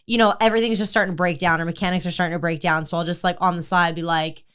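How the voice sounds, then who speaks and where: A woman hosting a casual podcast who talks quickly in a smooth, clean voice. She is blunt and profane and teases the others. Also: on the low side, fairly even intonation, a bit bright. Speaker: podcast host and running coach.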